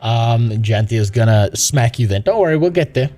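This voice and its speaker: A man's voice: medium pitch, expressive, moderate pace, warm tone, soft background music. A man ranting on a live stream about a game, profane and sarcastic. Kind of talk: casual live-stream rant.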